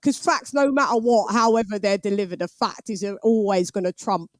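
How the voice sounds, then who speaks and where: A woman hosting a live boxing stream, animated and laughing as she talks back to her chat. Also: medium pitch, moderate pace, no room sound. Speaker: boxing show host.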